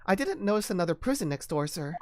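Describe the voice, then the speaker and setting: A man voicing a gentle, polite young woman assistant in a raised, soft, courteous voice, reading game dialogue on a stream. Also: high-pitched, very animated, fast talker, no room sound, studio quality, pitched above the performer's own voice.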